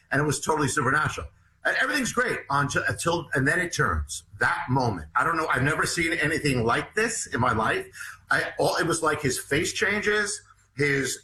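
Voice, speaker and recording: Bright-voiced man telling a story. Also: on the high side, echoey room, rough recording. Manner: animated, halting, many restarts. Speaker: author and guest. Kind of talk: storytelling in an interview.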